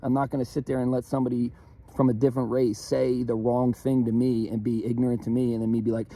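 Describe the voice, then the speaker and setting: A young man from Philadelphia rants in a loose, profane way, full of ums and restarts. His voice is dark and gravelly, with a husky edge that cracks up high when he gets worked up. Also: quick pace. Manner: profane, animated, rambling with many fillers. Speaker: vlogger. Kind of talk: casual rant to camera.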